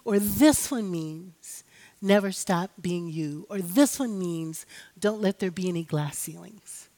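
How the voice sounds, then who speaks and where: A middle-aged woman pastor delivers a sermon from the pulpit. She tells personal stories with gentle humor and turns often to her congregation with questions. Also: fairly low pitch, slow. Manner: storytelling, personal and humorous, speaks directly to the congregation.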